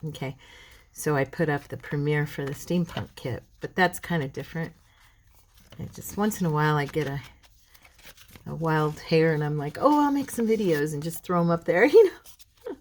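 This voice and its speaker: A middle-aged woman hosting a crafting video at home, chatting casually and rambling between tasks, clearing a frog in her throat. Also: sits low, lively intonation, moderate pace, pauses often, darkish tone, slight background noise, rough recording. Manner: rambling, chatty, addresses viewers as girls. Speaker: craft channel host.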